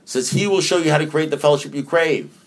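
A man's voice: fairly high pitch, fast. A man giving a conversational recovery talk to a group, earthy and emphatic, often repeating his phrases. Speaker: recovery meeting speaker.

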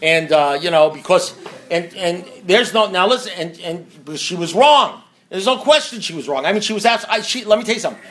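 A man's voice: high-pitched, expressive, brisk, fairly bright tone. Rambling, self-mocking man telling a story. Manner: rambling, self-mocking, full of "you know" asides. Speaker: speaker sharing at a recovery meeting. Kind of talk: storytelling share to a meeting audience.

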